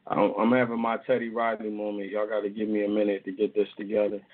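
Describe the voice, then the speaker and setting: A man's voice: lowish voice, monotone, quick pace. A man hosting a casual call-in show from home, talking loosely and directly to his listeners over a phone. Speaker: host. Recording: tinny phone-line sound.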